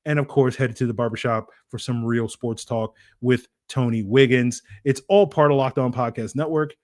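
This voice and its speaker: A man's voice: mid-range voice, fairly even intonation, normal speed, dry recording, clean studio sound. Chatty man hosting a sports podcast. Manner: chatty, rambling, self-mocking. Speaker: podcast host. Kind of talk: casual sports analysis.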